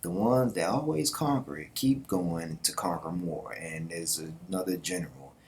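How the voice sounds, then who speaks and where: A man hosting his own video channel, talking in a casual, slangy, animated way with quick asides and laughs. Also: deep voice, a little hiss or hum. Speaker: YouTube host. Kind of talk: casual commentary.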